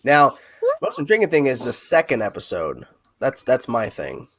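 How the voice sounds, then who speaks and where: A man hosting a casual livestream chat, talking in quick asides. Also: medium pitch, wildly swooping pitch, a bit bright, no echo. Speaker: host.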